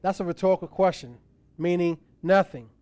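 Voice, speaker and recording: A man's voice: sits high, normal speed, warm tone, no room sound. A man preaching a sermon as pastor, quoting scripture with emphatic rises and drops. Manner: emphatic preaching, voice rising and falling for stress.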